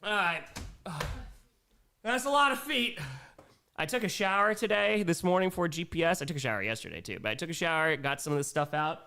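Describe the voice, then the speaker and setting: A young man chats casually on his livestream with a high, bouncy voice that swings all over. His tone is bright, and he rambles, giggling between thoughts as he thanks viewers. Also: expressive, a little fast, creaky. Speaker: livestream host.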